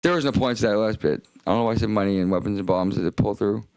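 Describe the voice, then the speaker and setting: Low, gravelly young man rambling on stream. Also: very fast, darkish tone, dry recording. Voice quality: vocal fry. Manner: rambling, profane, self-interrupting. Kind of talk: rambling livestream monologue.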